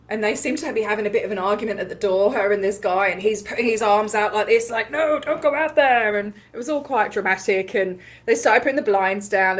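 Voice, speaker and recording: A woman casually telling a story on a livestream, animated, laughing often, with many ums and likes as she acts out what others said. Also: medium pitch. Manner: acts out other people's lines while retelling. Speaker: livestream host recounting a protest.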